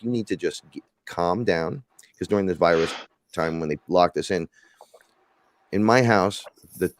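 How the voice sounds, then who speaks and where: A man talks in a loose, rambling way and slips into little acted-out quotes. His voice sits fairly low, and the sound is dry and close with no room around it. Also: no room sound. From New York. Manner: rambling, animated, acts out quotes. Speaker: podcast guest. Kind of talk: casual chat.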